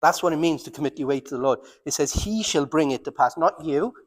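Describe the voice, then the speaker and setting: A man with a Welsh accent preaching a sermon as pastor, earnest, slowing down and dropping his voice for emphasis. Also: on the high side, big-room sound. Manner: earnest, slows down and drops to near silence for emphasis. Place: church.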